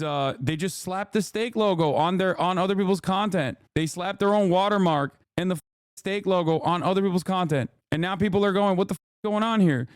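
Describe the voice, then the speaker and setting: Guy ranting on stream, cussing, kinda high voice, dead dry mic. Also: smooth, no echo. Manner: ranting, profane, mocking. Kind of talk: casual stream commentary.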